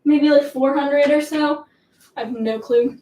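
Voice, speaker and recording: A woman's voice: high voice, measured pace, dark tone, a little hiss or hum. A teenage girl rambling in a giggly, chatty way while answering viewer questions on a casual livestream. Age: teens. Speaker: livestream host. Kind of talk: casual live Q&A chat.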